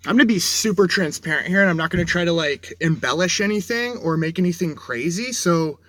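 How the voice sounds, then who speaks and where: A man's voice: sits high, animated, a little fast, fairly bright tone, dry recording. A man livestreaming from inside a vehicle, telling a story in a rambling, shaky way, full of restarts and self-corrections. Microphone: dashboard camera.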